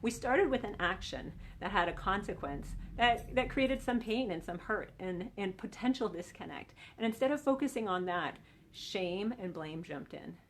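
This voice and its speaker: A woman's voice: medium pitch, animated, normal speed, a little hiss or hum. Woman, relationship coach, teaching talk, earnest, explanatory. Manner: earnest, explanatory, asks the audience questions.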